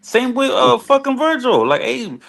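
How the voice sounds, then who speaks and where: A man speaking loudly and emphatically in a casual boxing chat. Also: very high-pitched, sing-song, normal speed, gravelly. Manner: loud, emphatic.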